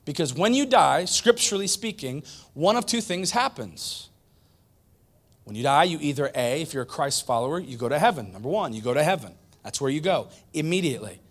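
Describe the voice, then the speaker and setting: A man's voice: a little high, a little fast. A male pastor preaching a conversational sermon, repeating points for emphasis. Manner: conversational, emphatic repetition, animated.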